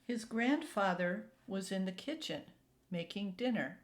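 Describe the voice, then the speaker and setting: A woman hosting a youth storytime, reading a children's picture book aloud in a gentle, deliberate way. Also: mid-range voice, lively intonation. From Minnesota, USA.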